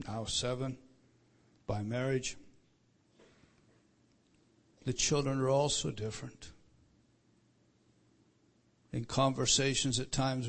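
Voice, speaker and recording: Preaching a sermon, the middle-aged pastor speaks emphatically, loud when stressing scripture and then low and quiet.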